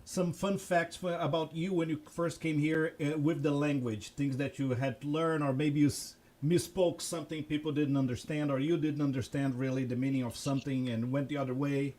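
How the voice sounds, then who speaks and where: A man's voice: on the high side, steady tone, normal speed, few pauses, darkish tone. A man hosting a live online panel, inviting the guests to share their stories. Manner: encouraging, prompts guests. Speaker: host.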